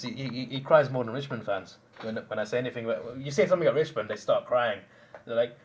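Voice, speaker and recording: A young man hosting a live stream, telling stories in animated casual chat with restarts and bursts of laughter. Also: medium pitch, quick pace. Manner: animated storytelling, mimicking others, frequent laughs and restarts.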